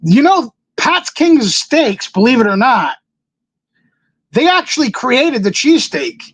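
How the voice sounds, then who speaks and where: A man's voice: very high voice, big pitch swings, unhurried, a bit bright, husky, poor audio. A man, a wrestler guest on an interview show, telling a rambling story and acting out what others said. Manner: loose, rambling, laughs often.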